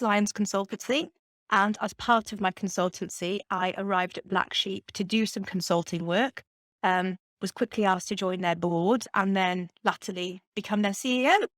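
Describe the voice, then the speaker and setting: A woman's voice: medium pitch, a bit bright, no echo, studio quality. A woman with a Geordie accent, a company chief executive answering podcast interview questions in a confident, upbeat, businesslike way. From Newcastle, England. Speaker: brewery chief executive, guest.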